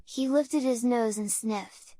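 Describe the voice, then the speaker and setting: A woman narrating a children's audiobook in a measured, unhurried way. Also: fairly high pitch, warm tone, no echo.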